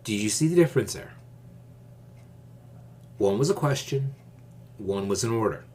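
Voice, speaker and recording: A man hosting his own channel, giving advice in a calm, measured, deliberate casual monologue. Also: fairly low pitch.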